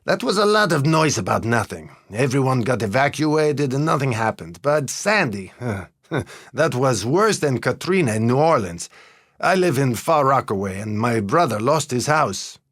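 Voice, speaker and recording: Hörbuch: ein Mann als redseliger Taxifahrer mit starkem fremdem Akzent, laut und nachdrücklich, etwas höher gesetzt. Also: male voice, medium pitch, big pitch swings, measured pace, dry recording, studio quality, voice pushed up, heavily acted. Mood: emphatic. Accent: heavy foreign accent. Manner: loud, emphatic storytelling. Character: talkative middle-aged male New York cab driver.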